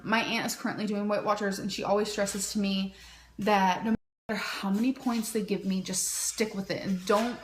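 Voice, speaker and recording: A woman with a bright, sharp and fairly high voice talks straight to her viewers in a casual vlog. She rambles, giggles often and leans on "like" between thoughts. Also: slight background noise. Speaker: vlogger. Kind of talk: casual confessional vlog talk.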